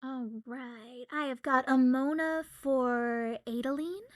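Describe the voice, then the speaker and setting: A woman from Southwest Louisiana chatting casually on a livestream while signing autographs, giggling often and filling pauses with "um" and "uh.". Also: high-pitched, fairly even intonation. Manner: chatty and giggly, with many fillers. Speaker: voice actor signing autographs on stream.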